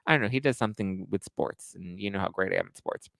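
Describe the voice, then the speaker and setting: A man's voice: low voice, animated, fast talker, creaky, a bit bright, no echo. A male host recapping reality TV gossip in a casual, crude, playful way. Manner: gossipy, crude, playful, breaks into song snippets.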